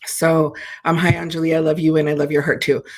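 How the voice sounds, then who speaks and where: A middle-aged woman hosting a livestreamed check-in show, speaking earnestly and unhurriedly and guiding listeners through a slow counted breathing exercise. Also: sits low, flat delivery. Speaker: host.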